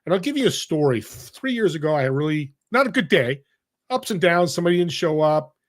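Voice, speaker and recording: A middle-aged man, appearing as an interview guest, tells stories energetically in a conversational way and speaks straight to the audience. His voice is on the high side and brisk.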